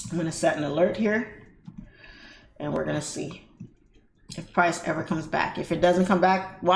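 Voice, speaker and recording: A young adult woman hosting a live trading stream in a casual, animated, chatty way, reading viewer comments aloud. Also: fairly low pitch, vocal fry. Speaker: trading livestream host. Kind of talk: casual livestream chat while trading. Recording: roomy echo with faint music behind.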